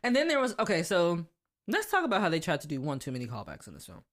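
A woman co-hosting a podcast in casual chat, animated and frank, laughing often and speaking. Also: fairly low pitch, fast. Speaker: podcast co-host.

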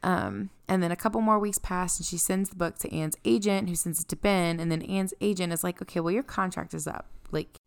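A woman's voice: fairly low pitch, steady tone, fairly quick, creaky, few pauses, smooth. A woman co-hosting a book podcast, recapping a novel in a chatty, casual way with frequent laughter.

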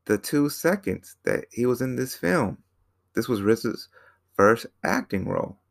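A man's voice: medium pitch, animated, a little slow, gravelly. A man casually recapping a film in a rambling way, repeating himself and using lots of fillers. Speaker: film reviewer.

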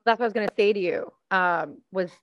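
A woman from Canada hosting a conversational interview, earnest and animated as she thinks aloud. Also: mid-range voice, brisk, no echo, highs cut off. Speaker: podcast host.

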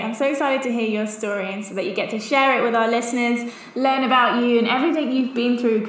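A woman's voice: fairly high pitch, far from the mic. Upbeat woman host in an echoey room. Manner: enthusiastic and upbeat. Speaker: podcast host. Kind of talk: podcast interview. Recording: echoey room, off-mic, with music behind.

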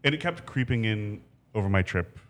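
Chef guy on a podcast, laid-back and rambly, low voice. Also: brisk. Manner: relaxed, rambling storyteller with fillers. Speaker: chef, guest. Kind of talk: casual podcast conversation.

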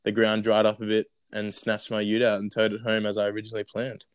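A young Australian man spins a rambling yarn in a relaxed guest spot. His voice sits low and comes through smooth and resonant. The sound is close and dry, with no room around it. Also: quick pace, no room sound, poor audio. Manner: rambling, full of fillers and restarts. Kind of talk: casual storytelling.

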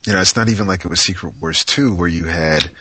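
A man's voice: deep voice, fast talker, sharp tone, husky, dry recording. A man chatting about comics in casual podcast talk, in a laid-back way. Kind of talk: casual chat.

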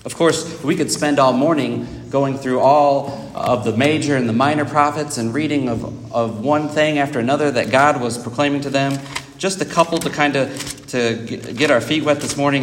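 A man preaching a sermon, explaining scripture in an earnest way and often repeating words as he goes. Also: medium pitch. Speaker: pastor. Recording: echoey hall reverb.

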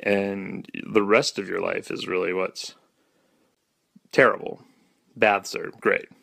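A young man hosting a podcast, rambling through comic-strip commentary with deadpan jokes. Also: fairly low pitch, slow, vocal fry, no echo, clean studio sound. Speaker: podcast host.

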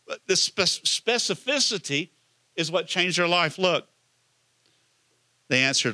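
A man's voice: high voice, expressive, a little slow, pauses often, pushed and bright, dry recording. A man, a pastor, preaching a conversational sermon and asking the listeners many questions.

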